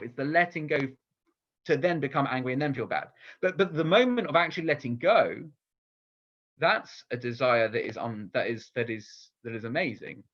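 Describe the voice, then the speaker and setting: A man's voice: mid-range voice, fairly bright tone, dull audio. A man giving a conversational sermon as a rabbi, talking about himself in a candid, personal, reflective way.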